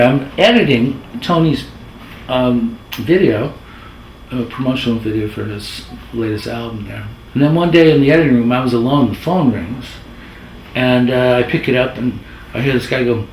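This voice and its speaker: A man's voice: mid-range voice, normal speed. A middle-aged man, a former video editor, telling casual anecdotes in a rambling, self-correcting way. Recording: roomy with faint noise.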